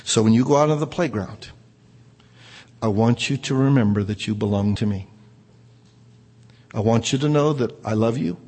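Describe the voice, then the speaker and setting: A man lowers his voice to play a calm, caring schoolteacher who speaks slowly and steadily. The voice comes out husky, with a long reverb trailing behind it. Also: close to an everyday voice. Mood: warm, steady.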